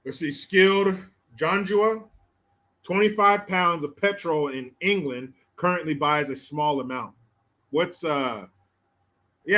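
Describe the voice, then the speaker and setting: A man's voice: on the high side, sharp tone. An American man hosting a livestream. He reads chat comments aloud with crude, laughing, mocking banter. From United States. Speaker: host.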